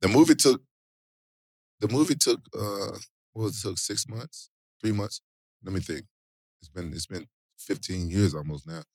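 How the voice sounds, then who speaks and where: A middle-aged man, an interview guest, telling stories in casual, slangy talk with animated exclamations. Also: fairly low pitch, normal speed, long pauses, breathy edge, dry recording, studio quality. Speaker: interview guest, former fighter and actor.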